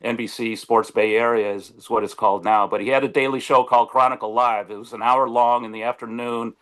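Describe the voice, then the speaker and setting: A man, a sportswriter guest, telling stories in casual chat over a video call, animated, with frequent restarts and quotes acted out. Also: mid-range voice, a little fast.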